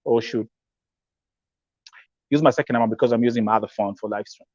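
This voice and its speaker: A man from Kenya hosts a live-stream talk show, his mid-range voice steady, fairly quick, and a bit dark. With a Kenyan English accent he speaks emphatically and repetitively, slipping into Swahili and reading out viewer comments. There's no room sound and the audio is dull.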